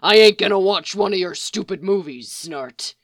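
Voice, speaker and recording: A woman voicing a gruff, surly grown man, a captive brawler who growls blunt threats in a storybook reading. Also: mid-range voice, expressive, moderate pace, dry recording, clean studio sound, natural voice.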